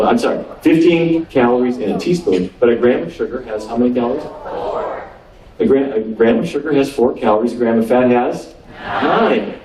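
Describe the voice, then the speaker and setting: A physician from North Dakota quizzes his audience during a humorous nutrition talk in a cruise ship's lecture room. His voice is medium-pitched and mellow, heard from far away in a roomy hall with slight background noise.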